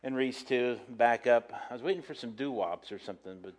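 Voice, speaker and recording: Halting, folksy middle-aged man preaching. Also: medium pitch. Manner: rambling, halting, with many fillers and restarts. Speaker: pastor. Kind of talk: casual sermon storytelling.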